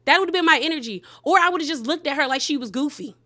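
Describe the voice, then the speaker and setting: A woman recaps reality TV gossip in a loose, animated way, full of slang and sassy asides. Her voice sits a little high and rings bright and forceful. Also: quick pace. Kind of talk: casual gossip recap commentary.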